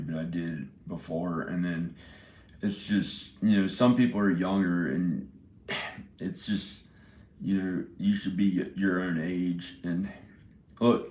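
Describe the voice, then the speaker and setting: Slow, low-voiced man in his forties rambling. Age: 40s. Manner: rambling, laughing, profane. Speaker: indie filmmaker. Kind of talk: rambling casual monologue. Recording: roomy echo.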